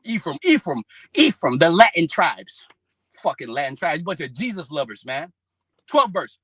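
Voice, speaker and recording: A man's voice: fairly high pitch, big pitch swings, normal speed, fairly bright tone, breathy edge, no room sound, poor audio. A man preaching a heated, profane religious rant, scolding his listeners and quoting scripture between outbursts. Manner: scolding, peppered with "man" and "bro".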